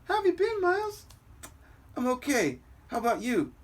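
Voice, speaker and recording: A man reading a comic aloud, putting on a light, high voice for a friendly teenage girl classmate. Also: huge pitch swings, normal speed, exaggerated voice.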